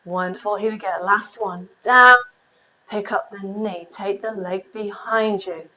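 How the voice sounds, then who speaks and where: A woman's voice: medium pitch, fairly even intonation, a little slow, sharp tone, highs cut off, a little hiss or hum. A woman pilates instructor leading a live workout, counting reps aloud and chatting between exercises, a little out of breath. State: slightly out of breath. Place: home room with exercise mat.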